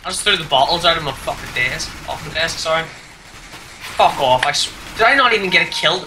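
Bright-voiced woman raging at a game. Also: sits low, lively intonation, brisk, slight background noise, low-quality recording. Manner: ranting, swearing, yelling at a rival player. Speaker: gamer. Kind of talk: live gameplay commentary.

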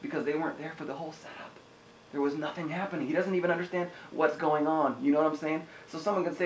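A man preaching a sermon in an energetic, conversational way, often asking the listeners "amen?". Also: on the high side, fast talker, echoey room, a little hiss or hum, rough recording. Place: house church room.

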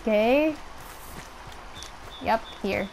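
A young woman casually commenting on her gameplay, chatting to the animals on screen and squealing when excited. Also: a little high, extremely slow, vocal fry, slight background noise, low-quality recording. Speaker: gameplay streamer.

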